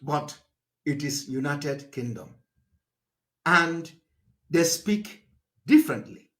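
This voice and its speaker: A man's voice: lively intonation, takes it slowly, fairly bright tone. A man giving a live political broadcast, emphatic and repetitive, firing rhetorical questions at his listeners. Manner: fillers and restarts, pitch swings up and down.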